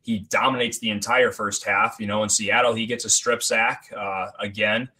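A man's voice: on the low side, fairly even intonation, normal speed, bright, forceful tone. A man co-hosting a sports podcast, building his point carefully with examples. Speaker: podcast co-host.

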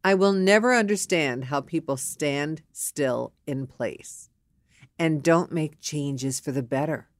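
A middle-aged woman host giving a frank monologue, candid and animated, who acts out both sides of a scene. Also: low-pitched, slow, dry recording.

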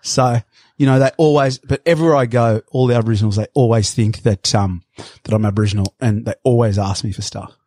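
A man's voice: mid-range voice, steady tone, fast, mellow, dry recording, clean studio sound. A man, a podcast guest telling rambling stories with laughs. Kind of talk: casual interview chat.

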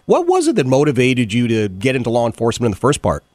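A man's voice: mid-range voice, huge pitch swings, fast, darkish tone, no echo. Earnest talk radio host man. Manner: earnest, repeats words, many fillers. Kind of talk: radio interview. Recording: dry studio sound.

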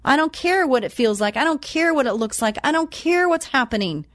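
A woman giving a motivational talk. She quotes scripture slowly and with emphasis, then chats about her own life. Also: sits high, animated, a bit bright, no room sound, studio quality. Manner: chatty and personal, tells anecdotes. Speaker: self-empowerment speaker.

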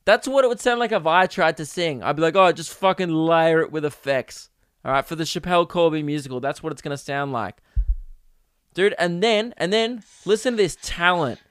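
A young man hosting a casual solo podcast, ranting with animated, profane mock outrage. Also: a little high, fairly quick, clean tone, no room sound. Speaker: podcast host.

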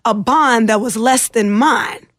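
A woman's voice: fairly high pitch, a little slow, no room sound, clean studio sound. Woman telling a painful story. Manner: earnest, emotional retelling with animated quoted voices. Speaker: guest. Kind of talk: personal storytelling in an interview.

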